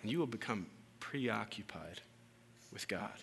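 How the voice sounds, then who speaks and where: A man preaching a conversational sermon as pastor, rising to loud emphasis and dropping to hushed lows. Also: expressive, measured pace, gravelly, a little hiss or hum. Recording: hall reverb with faint room ambience.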